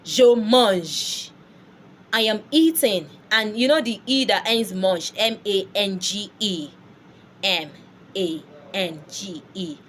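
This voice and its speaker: Woman language teacher, slow unhurried delivery, patient repeat-after-me drills, faint hum behind. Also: mid-range voice, fairly bright tone. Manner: patient, repeats words for learners to echo. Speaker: French teacher. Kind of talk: language lesson.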